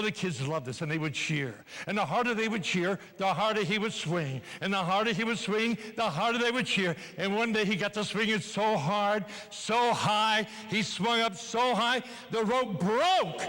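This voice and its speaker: An older man giving a live motivational speech to an audience in a large hall, animated and playful as he urges the crowd along. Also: sits high. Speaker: motivational speaker. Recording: long reverb in a hall.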